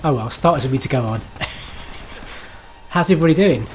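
A man's voice: mid-range voice, expressive, moderate pace, soft background music. A man streaming himself playing a game, chatting to viewers in a self-mocking way, swearing and laughing at his own mistakes. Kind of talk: live gameplay commentary.

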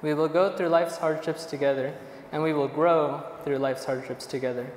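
A young man, the groom, reading his wedding vows softly and with emotion. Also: on the high side, steady tone, moderate pace, roomy sound, big-room sound, a little hiss or hum, poor audio. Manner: soft, emotional, reading from notes.

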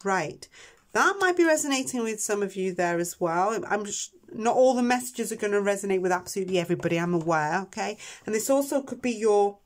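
A woman giving a chatty, emotional tarot reading, soft-spoken with many ums, tearing up at times. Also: mid-range voice, lively intonation, a little fast. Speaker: tarot reader. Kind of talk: pick-a-card tarot reading.

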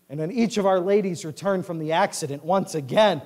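A male pastor preaching a sermon, reading scripture in a loud rising voice and dropping low for asides. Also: fairly quick. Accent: American Midwest. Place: church sanctuary.

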